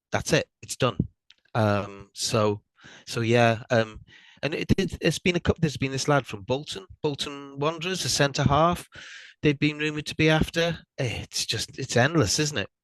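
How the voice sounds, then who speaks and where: A middle-aged Welsh man guesting on a podcast, speaking in a thoughtful, hesitant way with many pauses. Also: mid-range voice, no room sound, low-quality recording. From Wales. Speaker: guest fan. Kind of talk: casual podcast chat.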